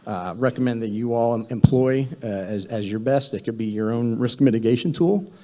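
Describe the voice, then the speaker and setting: Mellow-voiced man giving a training talk. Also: medium pitch, moderate pace. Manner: conversational, many fillers and restarts. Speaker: government contracting trainer. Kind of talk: live training presentation.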